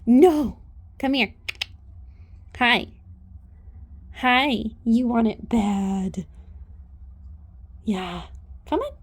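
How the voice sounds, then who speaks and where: Chatty woman horse trainer, unhurried. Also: fairly high pitch, breathy edge. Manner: chatty, coaxing, talks to her horse. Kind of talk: casual instructional vlog.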